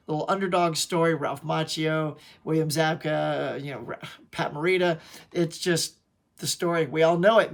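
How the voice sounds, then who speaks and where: A man's voice: on the high side, a bit bright. Enthusiastic man rambling about favorite films. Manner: enthusiastic, rambling, self-interrupting. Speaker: movie collector vlogger. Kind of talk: casual chat to camera.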